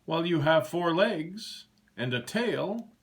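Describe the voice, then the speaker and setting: An older man voicing an earnest, stubborn male moose in a children's storybook read-aloud, slow and emphatic. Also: on the high side, animated, voice pushed up. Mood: insistent.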